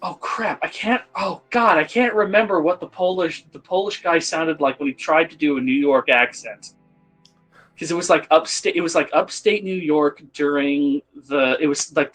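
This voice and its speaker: A man with a fairly high voice tells a story in bursts, restarting his sentences and swearing as he goes. He sounds excitable and chatty, and faint music plays underneath. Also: normal speed, rough recording. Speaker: tabletop game player on a livestream. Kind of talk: casual chat.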